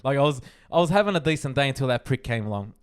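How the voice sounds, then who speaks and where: A young man, telling a story on a podcast in an animated, swearing way. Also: medium pitch, rapid-fire, smooth. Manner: animated, swearing, laughing often. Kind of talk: casual chat.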